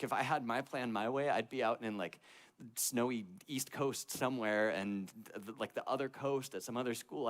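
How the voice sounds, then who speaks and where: A young man preaching to a church youth group, telling his story in a casual, conversational way full of "like" fillers and moving between loud and hushed delivery. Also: medium pitch. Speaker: youth pastor.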